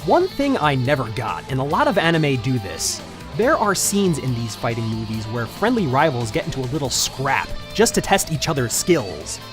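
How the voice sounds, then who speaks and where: A woman's voice: a bass voice, big pitch swings, normal speed, music in the background. A woman reviewing a cartoon with sarcastic, ranting commentary and mock outrage.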